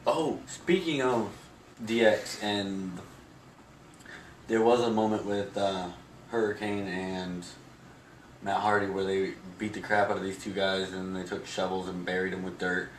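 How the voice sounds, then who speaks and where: Deep-voiced man rambling through recaps. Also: fairly even intonation, unhurried, recorded from a distance. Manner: rambling, filler-heavy recaps. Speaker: podcast co-host. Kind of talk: casual chat about wrestling. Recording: echoey room, off-mic, faint noise.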